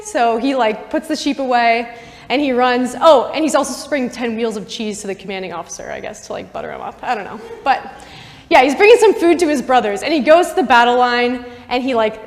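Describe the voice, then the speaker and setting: A young woman, a campus missionary, giving a casual Bible teaching talk full of "like" and asides to her listeners, in a university chapel. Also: fairly high pitch. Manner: chatty, full of "like" and asides to the audience. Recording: long chapel reverb.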